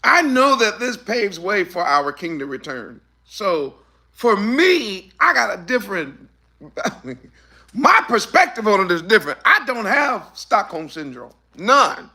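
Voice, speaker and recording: A man preaching a fiery sermon in loose, casual grammar, swinging between quiet muttering and shouted lines. His voice is unusually high and gravelly, with a bright, forceful edge. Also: sing-song, measured pace.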